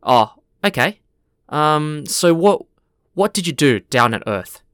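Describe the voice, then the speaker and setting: Raised-pitch, chatty gatekeeper of heaven, smooth and bright, as a man puts him on. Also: very animated, takes it slowly, dry recording, clean studio sound, exaggerated voice. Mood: inquisitive. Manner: chatty, inquisitive questioning. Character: curious male gatekeeper of heaven.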